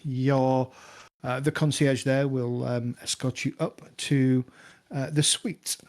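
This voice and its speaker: A man's voice: mid-range voice, little pitch movement, slow pace, darkish tone. A man doing a courteous hotel concierge lady. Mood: polite. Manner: formal, courteous, hesitant.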